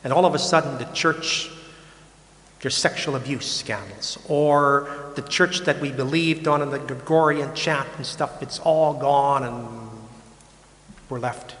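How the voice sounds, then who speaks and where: A man's voice: medium pitch, a little slow, fairly bright tone. Older male priest, conversational sermon, frank and offhand, long reverb of a big hall. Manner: casual, frank, repeats words, mocks complaints.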